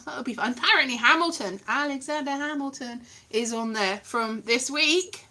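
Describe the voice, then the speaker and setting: A woman's voice: sits high, moderate pace. A woman chatting casually to camera in a playful, silly vlog. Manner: playful, animated, silly asides. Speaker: vlogger.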